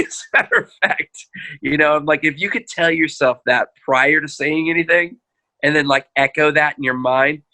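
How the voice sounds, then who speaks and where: A man chatting on a podcast, telling animated stories, acting out quotes and laughing often. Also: medium pitch. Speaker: podcast host; marriage counselor. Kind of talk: casual podcast chat.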